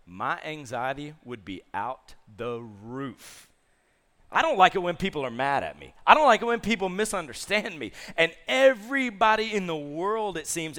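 A man with a voice on the high side serves as a youth pastor, preaching to young listeners. He tells the story in an upbeat, informal manner and quizzes the audience as he goes.

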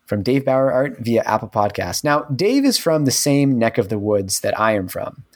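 A man's voice: mid-range voice, moderate pace. A man co-hosting a casual podcast chat into a studio microphone, rambling with lots of fillers. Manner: rambling, filler-heavy recommending. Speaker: podcast co-host.

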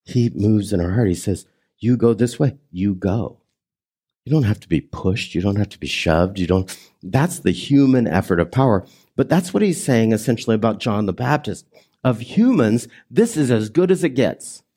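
A male pastor delivers a sermon in a warm, mellow voice. He talks with the congregation, asking them questions and inviting them to repeat after him. His delivery swings between emphatic, raised lines and quiet, hushed ones. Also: fairly low pitch, lively intonation, moderate pace, husky. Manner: conversational preaching with audience prompts.

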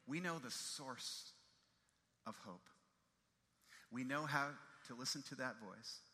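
A man's voice: medium pitch, slow, sharp tone, big-room sound. A man preaching a sermon as a pastor. He tells stories with emphasis and repeats his key phrases.

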